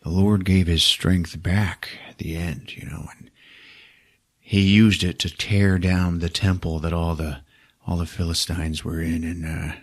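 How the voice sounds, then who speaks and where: A man's voice: sits low, unhurried. A man voicing a cold, menacing male government agent who swears as he threatens. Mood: low and grim. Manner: flat threatening drawl, swearing.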